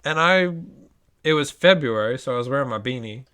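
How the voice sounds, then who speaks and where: A young man in casual podcast chat, telling an animated story, acting out quoted lines and swearing freely. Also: mid-range voice, fairly quick, smooth. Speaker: podcast co-host.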